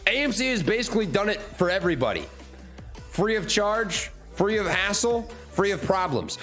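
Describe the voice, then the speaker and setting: A man's voice: sits high, very animated, moderate pace, fairly bright tone. A man hosting a live stock trading stream, talking casually through charts with repeats and fillers, faint music behind. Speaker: livestream stock trading host.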